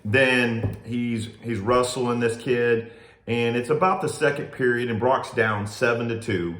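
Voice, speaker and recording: A man in his thirties co-hosting a family podcast and coaching youth wrestling, telling stories in a steady, earnest way. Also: medium pitch, a little slow, reverberant. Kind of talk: casual chat.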